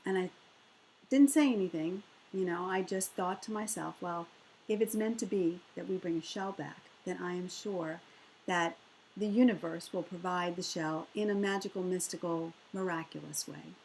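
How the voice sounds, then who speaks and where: A middle-aged woman, a motivational speaker, telling a personal story in an animated way and acting out the voices of the people in it. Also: normal speed, vocal fry, a little hiss or hum, low-quality recording. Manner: animated, acts out quoted voices with big pitch jumps.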